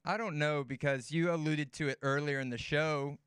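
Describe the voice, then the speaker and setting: A man guesting on a sports talk show chats casually and tells stories in a relaxed way, laughing easily and repeating words. His voice is a little high and clean at a moderate pace, in clean studio sound with no room sound.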